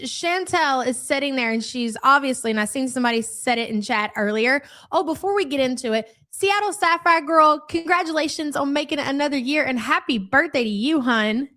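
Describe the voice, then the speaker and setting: Woman streamer, high voice, brash and teasing, reels off chat names fast. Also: a bit bright. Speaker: livestream host. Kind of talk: casual live-stream chat.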